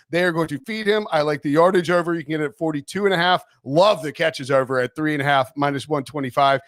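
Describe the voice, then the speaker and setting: A man talking through football betting picks in a rambling, animated way, with quick laughing asides. His voice sits a bit high for a man. The sound is dry, with almost no room in it. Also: no room sound. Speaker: NFL betting analyst. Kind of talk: casual sports betting chat.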